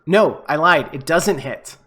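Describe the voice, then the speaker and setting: A man's voice: a little high, expressive, measured pace, pushed and bright. Guy running a tabletop game, laid-back, lots of ums. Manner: casual, many fillers. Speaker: game master.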